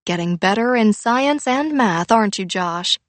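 A woman's voice: medium pitch, expressive, a little slow, no echo, lightly acted. A woman voicing a fond, fussing middle-aged mother in an audiobook.

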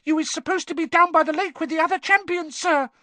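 A reader voicing an earnest male house elf in a squeaky, very high voice, eager, talking about himself in the third person and calling his listener sir. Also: fast, pushed and bright, dry recording. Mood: urgent. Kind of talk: audiobook character voice.

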